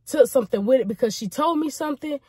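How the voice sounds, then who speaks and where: A young woman vlogging from a car, talking chattily and excitedly to her viewers and saying "y'all" a lot. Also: high-pitched, fast, slightly rough, dry recording. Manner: chatty, repeats "y'all" often, excited and grateful. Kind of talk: casual chat to the camera.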